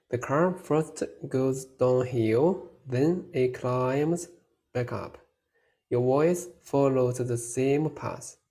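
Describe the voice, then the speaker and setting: Very slow, deliberate male tone teacher. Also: mid-range voice, vocal fry, mellow. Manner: slow, deliberate, with drawn-out model syllables. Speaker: language teacher. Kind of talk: scripted pronunciation lesson.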